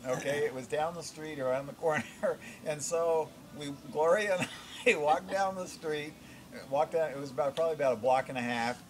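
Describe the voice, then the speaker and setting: An older man from Vermont telling a childhood story to family, chuckling and animated as he goes. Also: on the high side, a little fast, slight background noise. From Vermont, USA. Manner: chuckling, animated, laughs through his lines.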